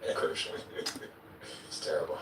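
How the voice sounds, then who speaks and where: A man being interviewed, telling a vivid story in a casual way, acting out his own quotes and now and then swearing or chuckling. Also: moderate pace. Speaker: interview guest. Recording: echoey, distant, noisy replayed clip.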